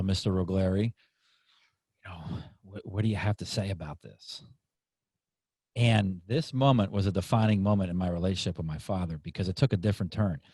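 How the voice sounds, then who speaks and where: A man hosting a podcast interview, telling a story in a casual, animated way and acting out the people in it. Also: mid-range voice, breathy edge, no echo. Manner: animated, acts out voices in anecdotes. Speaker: podcast host.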